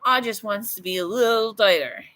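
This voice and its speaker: Here the Newfoundland artist vlogger has a medium-pitched, animated, fairly bright voice at a moderate pace. In her Newfoundland English accent she chats casually and bluntly to viewers live, cursing freely and laughing a lot.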